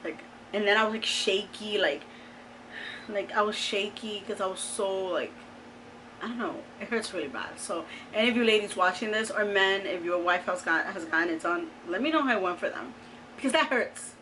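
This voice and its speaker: Woman vlogging casually, bright clear voice, lots of "like", faint room noise. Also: medium pitch, normal speed, rough recording. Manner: chatty, animated, lots of "like" and "oh my God". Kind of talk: casual storytelling to camera.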